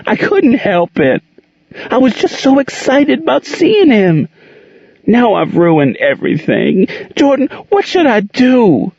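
A man's voice: fairly high pitch, big pitch swings, fairly quick, few pauses, darkish tone, husky, dry recording, voice pushed up. A man voicing an anxious young mother who pleads through sobs, in a dull recording. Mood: tearful. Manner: pleading, sobbing.

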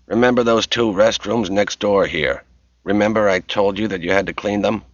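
A male audiobook narrator voicing a gruff, bullying male boss who growls threats. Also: lowish voice, fairly even intonation, moderate pace, no room sound, lo-fi sound, natural voice.

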